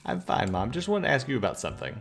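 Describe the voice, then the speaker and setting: Man voicing a meek cat detective, raised pitch, whiny, mama's boy, gravelly edge. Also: huge pitch swings, fast talker, fairly bright tone.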